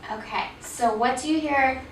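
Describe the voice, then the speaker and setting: A woman's voice: sits high, moderate pace, far from the mic, slight background noise. A woman presenting a teacher training workshop on reading, explaining patiently with frequent ums. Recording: echoey room, voice off-mic.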